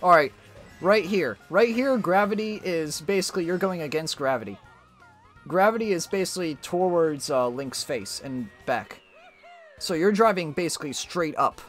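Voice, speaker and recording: Lively man streamer explaining things. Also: fairly high pitch, moderate pace, soft background music. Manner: animated, rambling explanations. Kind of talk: casual chat while gaming.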